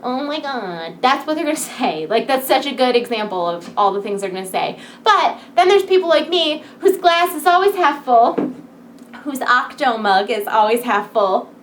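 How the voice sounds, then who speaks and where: A woman's voice: on the high side, expressive, moderate pace, a little hiss or hum. Peppy late-night woman vlogger. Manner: peppy, rambling, giggly. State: wired on coffee late at night. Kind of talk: casual chat to camera.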